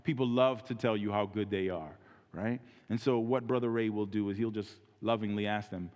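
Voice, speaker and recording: A man delivers a sermon from the pulpit, his voice on the low side and earnest throughout. He shifts into a quieter tone when acting out conversations with people on the street. The church sanctuary adds a long, lingering reverb to every phrase. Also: fairly even intonation, moderate pace, lo-fi sound. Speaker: pastor.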